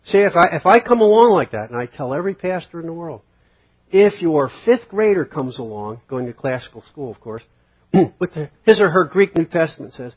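Husky-voiced pastor preaching a sermon. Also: male voice, on the high side, big pitch swings, brisk. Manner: conversational, rhetorical questions, acts out quotes. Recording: dull lo-fi sermon recording.

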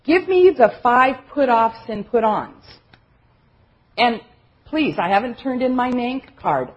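A woman's voice: fairly high pitch, expressive, slow, husky. A woman giving an earnest, emphatic teaching talk at a conference, repeating phrases for effect. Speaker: conference speaker. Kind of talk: sermon-style teaching talk. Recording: dull, lo-fi recording.

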